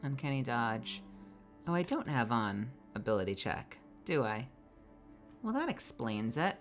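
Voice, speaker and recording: A woman's voice: very deep voice, very animated, a little slow, soft background music. A woman streaming a video game live, chatting playfully with her viewers as she plays. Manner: playful, chatty, talks to chat. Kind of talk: live gameplay commentary.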